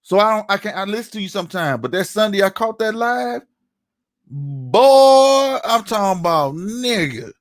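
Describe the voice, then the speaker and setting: Talking fast with hardly any pauses, a man with a high, slightly bright voice fires off a heated, profanity-filled commentary rant as an online commentator. He keeps tossing in "you know what I'm saying," and the audio is clean studio sound with no room sound.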